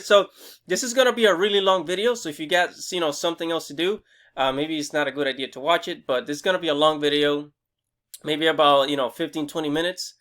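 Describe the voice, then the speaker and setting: An excitable young man rambles through a casual game review, swearing freely and tripping over fillers and restarts. His voice sits a little higher than most men's. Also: fairly quick. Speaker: gaming video host.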